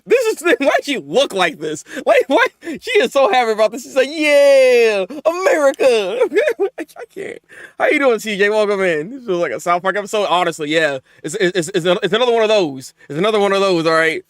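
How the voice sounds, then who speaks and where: Man, live reaction streamer, excitable, laughs a lot, lively pitch. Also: fast, hardly any pauses, no echo, clean studio sound. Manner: excitable, laughs often, talks to chat. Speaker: streamer reviewing manga live.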